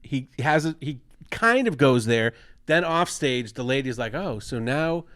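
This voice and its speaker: A man's voice: mid-range voice, measured pace. A man co-hosting a podcast, chatting casually about a film, swearing freely and acting out lines. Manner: animated, profane, acts out lines in big voices. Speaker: podcast co-host. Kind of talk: casual film review chat.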